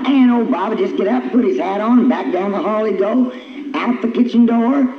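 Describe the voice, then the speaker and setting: An older woman telling her own story to an audience, animated and acting out the arguments she remembers. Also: mid-range voice, moderate pace. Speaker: speaker sharing her recovery story. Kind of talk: personal storytelling talk. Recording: echoey, dull, noisy old tape.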